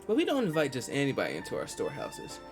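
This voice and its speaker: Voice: medium pitch, huge pitch swings, quick pace, over music. A cagey crystal merchant in a game. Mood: guarded. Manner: sly, guarded. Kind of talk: video game cutscene dialogue.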